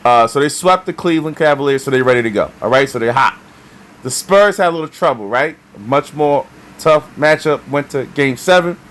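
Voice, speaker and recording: A man chatting casually about basketball as a vlogger, animated and excitable, with lots of fillers and repeated words. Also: mid-range voice, normal speed. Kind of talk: casual sports talk.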